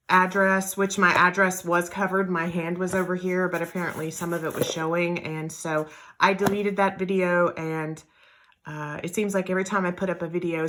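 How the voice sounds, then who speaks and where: A woman's voice: on the low side, a bit bright, a little hiss or hum. A middle-aged woman, chatting candidly through a jewelry unboxing vlog with lots of fillers and asides. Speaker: jewelry reseller vlogger.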